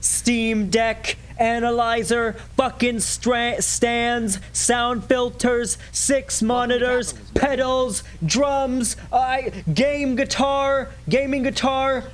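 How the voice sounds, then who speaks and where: A man doing an impression of a frantic young male streamer, rattling off a list faster and louder until he is yelling. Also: very high voice, steady tone, a little hiss or hum, pitched above the performer's own voice, full character voice. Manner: rising to yelling, fast list delivery.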